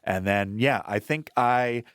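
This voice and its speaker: A man's voice: medium pitch, a bit bright, smooth, no room sound, studio quality. A man co-hosting a casual chat, telling stories with wry asides. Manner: wry, storytelling, quick asides. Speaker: podcast co-host.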